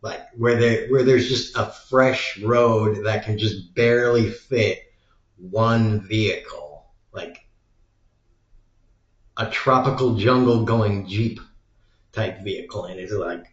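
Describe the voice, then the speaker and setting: A man's voice: lowish voice, slow, pauses often. A man talking in a casual, rambling monologue as a vlogger, packing his talk with "like". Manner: rambling, heavy use of "like" filler. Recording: echoey room, dull lo-fi sound.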